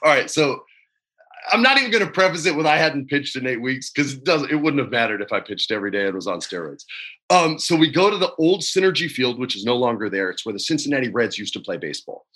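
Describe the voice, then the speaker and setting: A man in his forties, a guest telling animated, slangy stories with laughter over a video call from his home. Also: medium pitch, fast. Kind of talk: casual storytelling interview.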